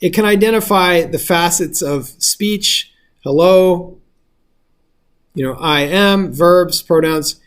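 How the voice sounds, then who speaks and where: A man's voice: high-pitched, slow, clear, resonant tone. A male instructor giving a casual lecture, explaining step by step and often checking if the class follows.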